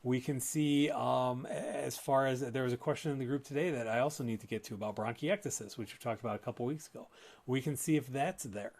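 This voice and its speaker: A man's voice: mid-range voice, fairly quick, a little mellow. A man who works as a respiratory therapist, hosting a live educational talk in a conversational, explanatory way with frequent restarts. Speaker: respiratory therapist and show host.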